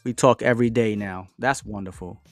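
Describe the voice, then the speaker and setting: A man's voice: fairly low pitch, a little fast, music in the background. Chatty man hosting a live stream. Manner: reads out and answers viewers' chat comments; relaxed, chatty, with frequent fillers and shout-outs. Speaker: livestream host. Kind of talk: casual livestream chat.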